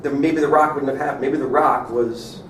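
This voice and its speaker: Student arguing from across the room. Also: male voice, mid-range voice, fairly even intonation, moderate pace, a bit bright. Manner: builds an argument with examples. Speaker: student in the class. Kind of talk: class discussion. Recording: echoey room, far from mic, faint noise.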